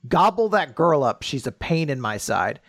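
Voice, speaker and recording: A man's voice: a little high, very animated, normal speed, a bit bright, dry recording, studio quality, exaggerated voice. A man voicing a gleeful, murderous male villain who taunts in a raised, singsong tone while recapping a story. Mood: taunting.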